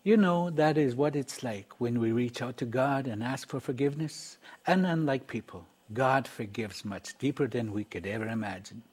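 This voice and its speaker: A man hosting and narrating in a measured, reflective scripted style, inviting listeners to call. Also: mid-range voice, darkish tone, slightly rough. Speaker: program host and narrator.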